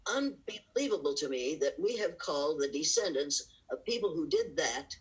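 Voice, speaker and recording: A woman's voice: deep voice, animated, moderate pace, breathy edge, poor audio. A woman giving impassioned, emphatic answers as an interview guest over a video call, pressing her points with rhetorical questions and breaking into laughs between them. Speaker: interview guest, diversity educator.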